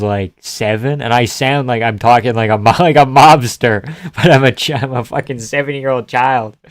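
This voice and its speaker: A man's voice: medium pitch, no room sound, studio quality. A young man from the Boston area chatting casually on a live stream, reading comments aloud, joking, swearing and laughing often. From Boston area, USA.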